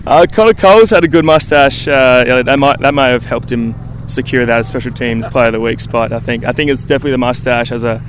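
A man's voice: medium pitch, slight background noise. A young Australian man, a college football punter, talking easily as a radio guest, with many fillers and restarts. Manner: easygoing, halting with fillers. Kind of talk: phone-in interview.

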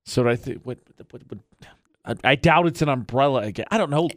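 A young man co-hosting a radio show in casual banter, wry and self-mocking, breaking into loud exasperated protests. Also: mid-range voice, a little fast, no echo, clean studio sound. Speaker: radio co-host.

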